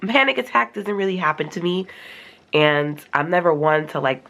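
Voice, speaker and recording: A young woman telling a casual storytime, acting out her own reactions in a high, animated voice. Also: normal speed, creaky. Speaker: vlogger.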